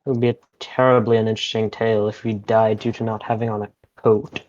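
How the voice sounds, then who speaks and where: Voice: medium pitch, little pitch movement, fast talker, darkish tone. A game player reading a book aloud and narrating in a playful, mock-grand way over voice chat. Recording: lo-fi voice chat audio.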